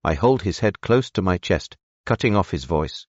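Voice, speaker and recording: A man narrating a romance audiobook in the first person, steady, measured and intimate. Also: low-pitched, dry recording, muffled recording.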